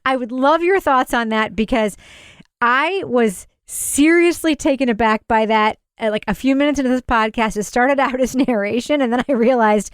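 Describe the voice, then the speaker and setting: Female podcast co-host, slightly high voice, conversational and inquisitive, close dry mic. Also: normal speed, clean tone, no room sound. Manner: animated, questioning, laughs while talking. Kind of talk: casual review chat.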